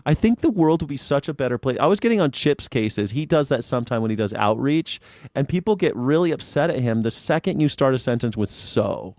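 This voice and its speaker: A man's voice: mid-range voice, a little mellow, dry recording, clean studio sound. A man hosting a casual live talk stream, ranting and mocking how people phrase their questions. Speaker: talk show host. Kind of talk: casual livestream chat.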